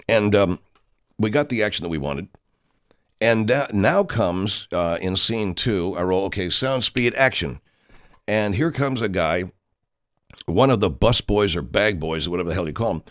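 A man playing a pompous, rambling horror director. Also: sits low. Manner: rambling, arrogant, speaks of himself in third person. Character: pompous self-important male horror film director. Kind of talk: comedic character monologue.

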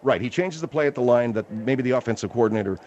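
A man's voice: medium pitch, expressive, fast talker, a little mellow. A man hosting a comic radio call-in show, questioning a guest in a mock-serious way. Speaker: radio host. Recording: dull radio audio, faint hiss.

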